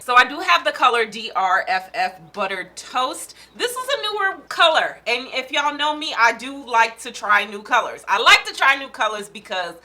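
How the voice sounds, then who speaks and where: A woman's voice: medium pitch, bright, forceful tone. A young woman, chatting casually to viewers while reviewing a wig at home, laughing at her own jokes. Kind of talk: casual beauty vlog.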